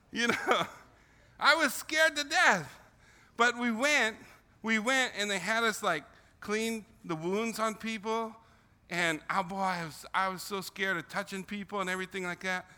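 A man's voice: high voice, a little slow, pushed and bright. Older man with an emotional, repetitive storytelling style. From Philippines. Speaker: missionary speaker. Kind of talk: testimony talk to students. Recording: long hall reverb.

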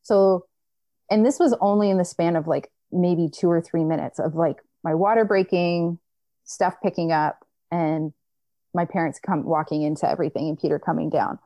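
A young woman telling a personal story in casual chat, animated, acting out what others said, with many filler "likes". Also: lowish voice, normal speed, no echo.

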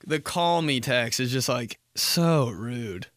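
A man's voice: medium pitch, lively intonation, slow pace, fairly bright tone, no echo, clean studio sound. A young man hosting a podcast, ranting comically in a profane, exasperated way. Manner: profane, exasperated, jumps into acted voices. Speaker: podcast host. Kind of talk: comedic rant.

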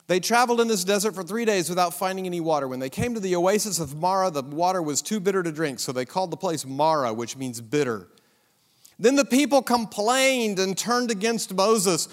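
A man's voice: high voice, lively intonation, normal speed, long reverb tail. A man teaching a Bible survey lesson in a conversational, emphatic way, with rhetorical questions and asides.

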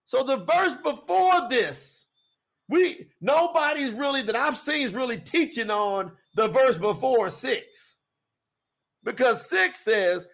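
Man, scripture teaching, husky voice, emphatic, repeats phrases. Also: very high-pitched, lively intonation, takes it slowly, a bit bright. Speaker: podcast preacher.

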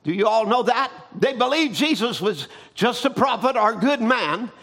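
High, bright-voiced fervent male preacher. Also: expressive, normal speed. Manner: fervent preaching, breaks into shouts and hallelujahs; retells a conversation, quoting both sides. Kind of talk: sermon.

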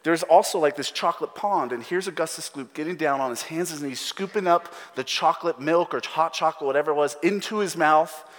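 A man preaching a sermon as pastor, telling a story with lively asides, laughs and acted-out quotes. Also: a little high, fairly quick, hardly any pauses. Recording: long hall reverb.

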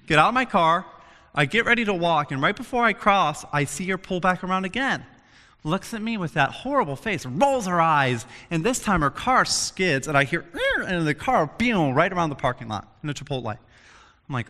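Bright-voiced young preacher in a hall. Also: male voice, high voice, moderate pace. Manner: animated storytelling, acts out quotes. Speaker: youth preacher. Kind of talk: casual sermon to students.

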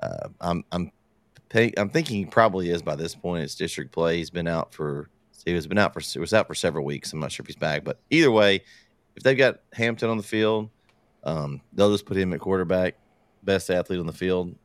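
Low-voiced man talking football. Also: a little fast, no room sound. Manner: relaxed, hesitant with fillers. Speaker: podcast co-host. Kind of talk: casual sports chat.

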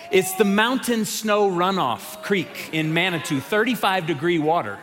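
Man, pastor, sermon, lively storytelling, fairly high voice, long church reverb. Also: moderate pace, slight background noise. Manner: lively, animated storytelling with quoted characters. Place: large church sanctuary.

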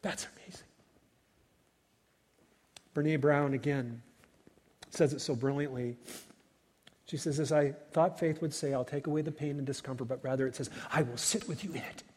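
A man preaching a sermon as pastor, rising to loud cries and falling to hushed whispers. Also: medium pitch, steady tone, moderate pace, slightly rough. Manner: dynamic preaching, swells loud then drops to whispers. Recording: long hall reverb.

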